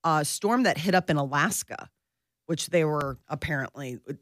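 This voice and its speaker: A lower-pitched woman hosting morning radio, talking loosely and chattily and laughing easily. The recording is dry and close, with no room sound at all. Her delivery stays relaxed and informal. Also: normal speed, dry recording. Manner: chatty, lots of "like" and restarts, laughs often. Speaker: morning show co-host reading news. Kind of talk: casual morning radio chat.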